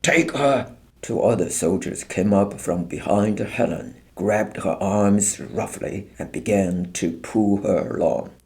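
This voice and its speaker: A man narrating an audiobook in a measured, grave storytelling manner. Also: deep voice, fairly even intonation, gravelly, mellow.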